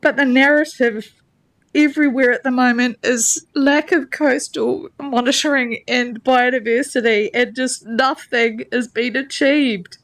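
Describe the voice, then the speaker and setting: A regional councillor with a high, slightly bright voice speaks a little slowly with fairly even intonation. At a chamber table microphone, she gives an impassioned, blunt council debate speech with plain swearing, emotional and near tears.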